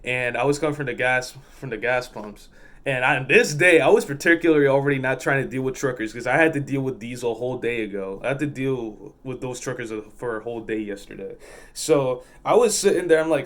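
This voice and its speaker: A man's voice: mid-range voice, fairly quick, fairly bright tone. A man who works as a fuel pump attendant, telling work stories in a blunt, profane, exasperated way. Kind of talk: casual storytelling vlog.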